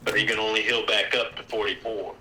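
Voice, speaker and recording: A man playing a tabletop game, calmly tallying his dice rolls and damage. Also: on the low side, a little fast, slight background noise, low-quality recording. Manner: matter-of-fact, tallies dice rolls. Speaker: player. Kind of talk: casual tabletop game chat.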